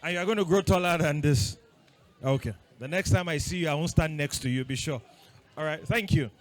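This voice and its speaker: A man with a fairly high voice runs a lively session for boys. He keeps firing short questions at the kids, teasing them playfully as he goes. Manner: playful, quizzing the audience with quick questions. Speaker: workshop leader talking to boys. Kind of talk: interactive talk with children.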